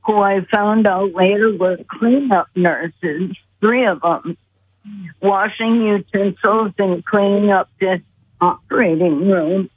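Slow, husky woman on a phone line. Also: medium pitch, no echo. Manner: slow, earnest storytelling. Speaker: guest. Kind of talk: storytelling on a call-in show. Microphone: telephone.

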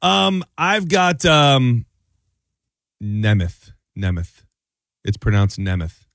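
A man's voice: medium pitch, big pitch swings, drawn-out words, creaky, a bit bright, no room sound. A man co-hosting a casual sports talk show in a studio, rambling and repeating words as he tells stories. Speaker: podcast co-host.

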